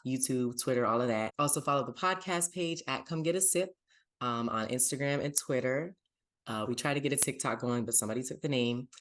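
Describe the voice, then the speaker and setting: A man hosting a casual pop culture podcast, with an upbeat, chatty delivery. His voice sits in a middle pitch for a man. He runs segments and plugs his social pages. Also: fairly bright tone. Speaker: podcast host.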